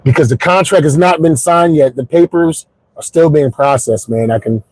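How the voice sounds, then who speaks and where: A man in his forties, a comedian hosting his podcast, telling jokes in a stand-up storytelling monologue with punchy, shouted punchlines, recorded in his car on the drive home. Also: a little high, normal speed, no echo, rough recording. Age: 40s.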